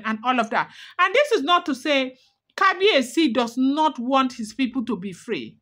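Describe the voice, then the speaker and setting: A woman retells celebrity gossip with dramatic emphasis and plenty of repetition. Her voice is high, and her pitch swings widely from line to line. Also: lively intonation, moderate pace, a bit bright. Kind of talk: storytelling gossip narration.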